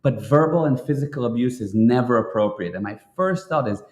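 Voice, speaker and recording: A man's voice: medium pitch, animated, fairly quick, darkish tone. A man talking as a guest in a casual livestream chat. He agrees readily and often answers with short affirmations. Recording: echoey room.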